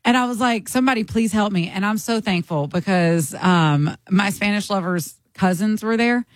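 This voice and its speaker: A woman's voice: medium pitch, normal speed, no room sound. A woman from the United States telling a story in casual chat and acting out the people in it. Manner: animated storyteller acting out quotes.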